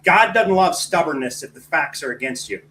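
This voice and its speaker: Bright, blunt male talk show guest. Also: fairly high pitch, animated, moderate pace, low-quality recording. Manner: blunt, outspoken, apologizes for outbursts. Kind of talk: casual political chat.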